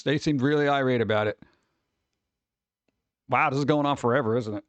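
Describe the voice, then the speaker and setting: Chatting with viewers on a casual livestream, this host rambles, lets out exclamations, and complains about his connection. He talks fairly quickly in a medium-pitched voice, in a dry recording.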